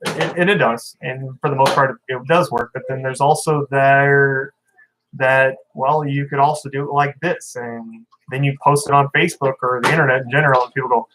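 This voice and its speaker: A man's voice: mid-range voice, fairly even intonation, moderate pace, fairly bright tone, slight background noise, low-quality recording. A man hosting a casual fishkeeping livestream, reading viewer comments and talking in a blunt, opinionated, rambling way. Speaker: fishkeeping channel host.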